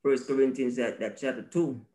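A man's voice: mid-range voice, steady tone, a little fast, dark tone. A man co-hosting a casual religious podcast, talking with preachy emphasis, repeating phrases and laughing often. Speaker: podcast co-host.

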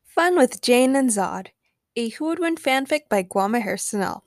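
A woman's voice: on the high side, animated, normal speed, no room sound. A woman hosting a podcast, chatting playfully and then narrating short fan stories. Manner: upbeat, playful, giggles at her own jokes. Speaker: podcast host and fanfic narrator. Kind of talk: casual podcast chat and storybook narration.

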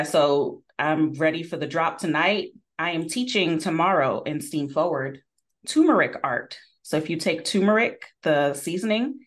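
A woman hosting a podcast in casual chat, telling stories with lively acted-out quotes. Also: deep voice. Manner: lively storytelling, acts out quotes. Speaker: podcast host.

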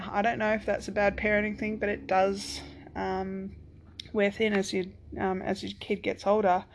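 A woman's voice: medium pitch, vocal fry, a little mellow, slight background noise. A woman in her thirties or forties, a single parent, telling a personal story in a casual, rambling way, with lots of "like" and "um" and some swearing. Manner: rambling, full of "like" and "um", swears freely.

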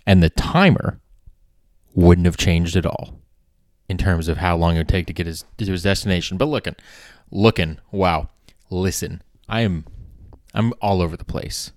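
A man's voice: sits low, steady tone, normal speed, darkish tone, dry recording, studio quality. A man hosting a podcast, telling a story in a casual, rambling way, correcting himself often and swearing for emphasis. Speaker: podcast host.

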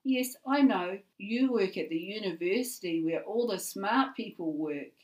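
A woman's voice: high-pitched, animated, unhurried, voice pushed up. A woman voicing an eager young girl who talks in a chirpy sing-song.

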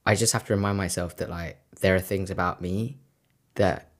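Young woman, really deep voice, supportive podcast cohost, lots of "like". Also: fairly even intonation, moderate pace. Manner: supportive, thoughtful, frequent fillers. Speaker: podcast co-host. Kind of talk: casual chat.

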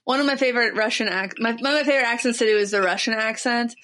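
A woman's voice: a little high, rapid-fire, a bit bright. A woman from Ohio hosting a podcast, chatting and joking with a casual, swearing manner. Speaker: podcast host. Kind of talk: casual chat.

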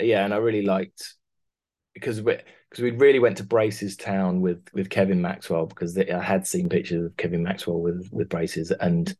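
A man's voice: on the low side, darkish tone. A man, a costume designer talking casually in an interview, rambling with many restarts. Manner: rambling, many restarts, laughs through stories.

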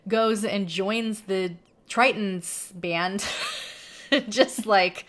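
A woman in relaxed conversation, walking through a film's plot scene by scene. She laughs often and tosses in amused asides as she recaps. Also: mid-range voice, very slow. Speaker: podcast co-host. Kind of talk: casual film discussion.

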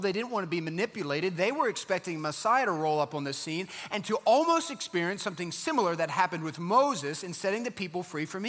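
A man preaches with an animated, emphatic delivery that climbs to fervent peaks. His voice sits high and sounds bright and forceful. The sound rings with a long hall reverb. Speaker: pastor. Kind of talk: sermon.

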